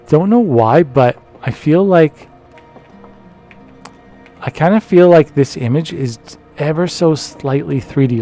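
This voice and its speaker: A man's voice: mid-range voice, mellow. A Canadian man giving rambling, laugh-filled commentary while playing a video game. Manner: rambling, self-deprecating, laughs often. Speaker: gameplay commentator. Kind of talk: casual let's-play commentary.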